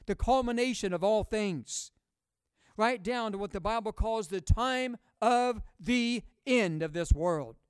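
A male pastor preaching a sermon, calling out questions to his congregation and booming on key words. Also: measured pace, clean tone, no room sound. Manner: emphatic, call-and-response preaching.

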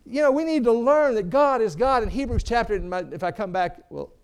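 A middle-aged man preaching a sermon, calling for amens and swinging from booming to hushed. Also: lively intonation, fairly quick, smooth. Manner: preaching with call-and-response, asking "Amen?". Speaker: pastor.

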